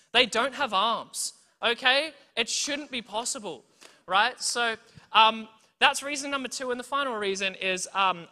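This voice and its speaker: Bright-voiced Australian preacher in a big hall. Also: medium pitch. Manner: animated, tells stories, keeps checking in with "right?" and "okay?". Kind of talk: sermon with humorous storytelling. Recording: long reverb from a big hall.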